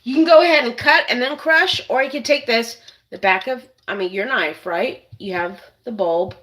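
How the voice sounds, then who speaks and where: A woman's voice: fairly high pitch, moderate pace, a bit bright, low-quality recording. A woman hosting a casual cooking demonstration in a kitchen, chatting to viewers as she works. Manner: chatty, keeps addressing viewers as "you guys". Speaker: cooking channel host.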